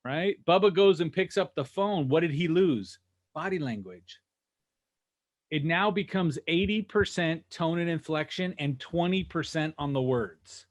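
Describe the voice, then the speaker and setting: A man coaching dealership sales staff over a video call, energetic and rhetorical, constantly checking in with "right?" and "okay?". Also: a little high. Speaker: sales trainer. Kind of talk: animated teaching on a video call.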